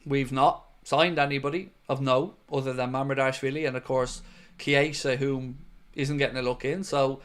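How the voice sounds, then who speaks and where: A man's voice: mid-range voice, a bit bright. A man hosting a live football fan stream, giving blunt opinions and reading viewer comments aloud, with a lot of "um" and "look" along the way. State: has the hiccups. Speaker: football fan channel host.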